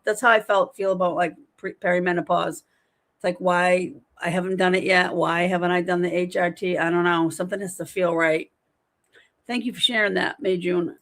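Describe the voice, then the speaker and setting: A woman in her forties hosting a casual livestream from home, chatting and rambling as she reads viewer comments aloud. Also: medium pitch. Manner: chatty, rambling, animated storytelling. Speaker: livestream host.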